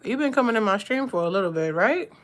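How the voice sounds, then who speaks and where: A woman's voice: medium pitch, animated, fast talker, a bit bright. A woman chatting casually with viewers while doing her makeup on a live stream, laid-back, playful and sarcastic.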